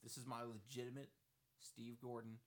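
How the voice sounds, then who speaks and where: A man's voice: medium pitch, level tone, moderate pace. A man co-hosting a podcast, joking and rambling in casual banter. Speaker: podcast co-host.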